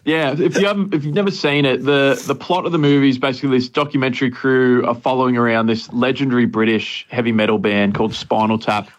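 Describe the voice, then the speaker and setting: A man's voice: mid-range voice, fairly even intonation, fast talker, hardly any pauses. A man as a radio guest, enthusiastically explaining in casual chat.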